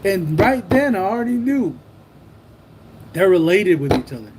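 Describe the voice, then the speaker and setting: A man's voice: sits high, very animated, moderate pace, background noise. A man telling a personal anecdote in casual slang, swearing a lot and acting out what people said. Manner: profane, streetwise slang, acts out quotes. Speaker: storyteller.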